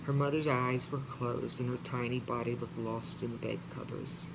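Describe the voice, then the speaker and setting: A man reading a memoir aloud in a heartfelt, pausing way, stopping now and then to talk to his listeners. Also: mid-range voice, level tone, vocal fry. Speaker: reader. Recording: noisy background ambience.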